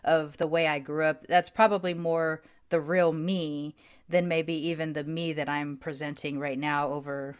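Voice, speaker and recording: A woman's voice: low voice, little pitch movement, normal speed, smooth. A woman hosting a podcast, asking long, thoughtful questions padded with fillers. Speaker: podcast host. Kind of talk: casual interview chat.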